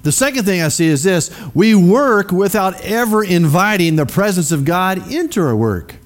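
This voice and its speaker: Man preaching, fairly high voice, chatty, quizzes the listeners, lots of uh and um. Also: lively intonation, moderate pace. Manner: conversational, asks the congregation questions; many fillers and restarts. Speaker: pastor. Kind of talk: sermon.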